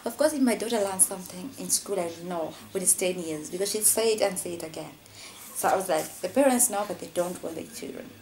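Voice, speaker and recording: A woman from Africa telling a personal story in a vlog, saying "you know" constantly and jumping high in pitch when she quotes others. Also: fast, darkish tone. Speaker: vlogger.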